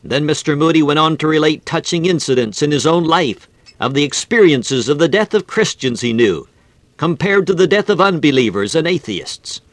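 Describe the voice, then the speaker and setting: A man delivers a fervent sermon in an old-fashioned preaching cadence. His voice sits a little high for a man. The sound is dry and close, with no room echo. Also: expressive, normal speed.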